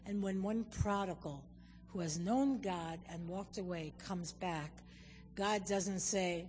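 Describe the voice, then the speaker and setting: A woman's voice: on the low side, takes it slowly. A woman guest preacher giving a sermon and telling stories, acting out what people and God said. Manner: animated storyteller, acts out quotes. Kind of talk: sermon with storytelling. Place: church. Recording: long hall reverb.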